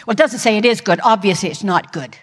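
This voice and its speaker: A woman's voice: medium pitch, quick pace, husky, in a large hall. An older woman giving a humorous, self-deprecating Christian talk from a stage with comic timing. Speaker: Christian speaker. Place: stage in a large hall.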